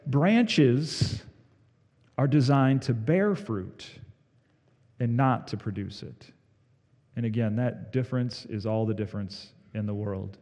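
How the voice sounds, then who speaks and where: A male pastor delivers a sermon with a mid-range voice, stressing key phrases and then letting his voice fall quiet. The sound carries a long reverb, as in a church sanctuary. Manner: emphatic, swelling on key words then dropping low.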